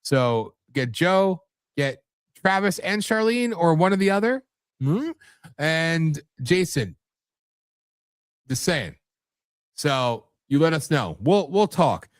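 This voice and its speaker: A man's voice: fairly high pitch, sing-song, slow pace, long pauses, clean tone, no echo, studio quality. A man hosting a live internet radio show with an American accent, rambling and cursing in casual, self-deprecating chat. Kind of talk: casual late-night chat.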